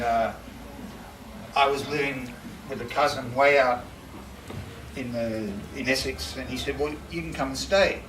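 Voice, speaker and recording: A man giving a memorial speech, reminiscing earnestly with light humor, recorded from far off in an echoey, noisy room. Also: mid-range voice. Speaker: memorial speaker.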